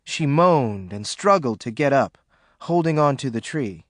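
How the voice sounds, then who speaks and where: A man giving steady, dramatic audiobook narration. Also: mid-range voice, unhurried, dry recording, clean studio sound.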